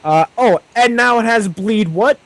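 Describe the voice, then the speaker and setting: A man acting as game master, quick and wry as he explains rules and rolls. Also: high-pitched. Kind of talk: running a tabletop game.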